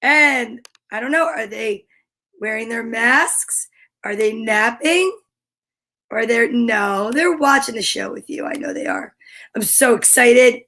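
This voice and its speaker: A woman hosting a livestream story time, chatting excitedly and greeting viewers by name. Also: on the high side, slow pace. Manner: bubbly and excitable, reads out viewer comments.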